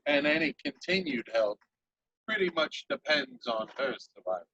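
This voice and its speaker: A man's voice: mid-range voice, sing-song, normal speed, sharp tone, husky, dull audio, pitched below the performer's own voice, exaggerated voice. A man voicing a stern, formal alchemist woman.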